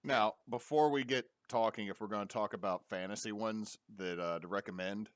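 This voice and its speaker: A young adult man with a lowish voice talks over a dry call mic from home. He recommends films with eager, joking enthusiasm, and his delivery stays loose and casual. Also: moderate pace, no echo. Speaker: podcast co-host. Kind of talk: casual chat. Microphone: remote call mic.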